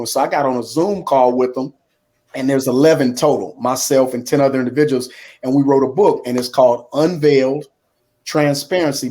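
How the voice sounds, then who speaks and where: A man's voice: mid-range voice, darkish tone. A man in his fifties, a guest talking casually about his life. He acts out conversations and keeps saying "man" as he goes. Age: 50s. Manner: acts out dialogue, drops in "man" a lot. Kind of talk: conversational storytelling. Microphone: computer on a video call.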